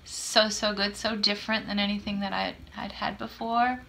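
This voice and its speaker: Chatty fifty-something woman with a bright voice. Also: mid-range voice, level tone, moderate pace, vocal fry, a little hiss or hum. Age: 50s. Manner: chatty, self-deprecating, acts out quoted dialogue. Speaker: podcast host. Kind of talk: casual storytelling chat.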